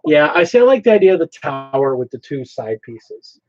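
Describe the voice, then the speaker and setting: A man's voice: on the high side, sing-song, a little fast. A man hosting a casual hobby channel chat, thinking aloud as he explains his plans. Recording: slightly dull lo-fi audio.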